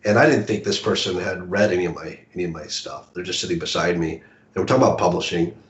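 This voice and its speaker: Man, author guest, rambling and self-deprecating, low voice, echoey room, dull audio. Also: quick pace. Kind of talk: casual conversation. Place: home in a city apartment. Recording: roomy, dull video call audio.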